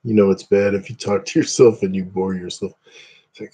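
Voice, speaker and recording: A man chats casually with his livestream viewers, wandering from topic to topic. His voice sits on the low side with a soft, mellow tone. He jokes easily and often at his own expense. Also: steady tone, fairly quick, slightly rough. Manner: rambling, self-deprecating joking. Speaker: livestream host. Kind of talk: casual chat with live viewers.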